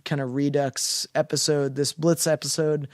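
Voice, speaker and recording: A man co-hosting a podcast who speaks in a fairly high, smooth and resonant voice. He rambles and restarts often as he hunts for the right words. The sound is dry and close to the mic. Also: little pitch movement, normal speed, a little mellow, dry recording. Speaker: podcast co-host. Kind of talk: casual film discussion.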